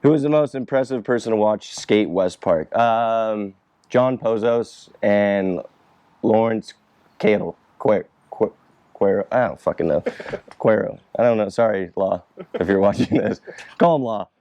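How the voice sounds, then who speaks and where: A man's voice: on the low side, measured pace, darkish tone, no echo, lo-fi sound. A young man in casual chat, answering fan questions about skateboarding in a loose, rambling way, swearing freely and laughing often.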